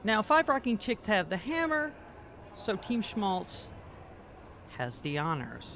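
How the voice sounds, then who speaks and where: A man's voice: sits high, wildly swooping pitch, takes it slowly, sharp tone, slight background noise. A man doing amateur commentary on a curling game, joking and self-deprecating and stumbling over players' names. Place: curling rink.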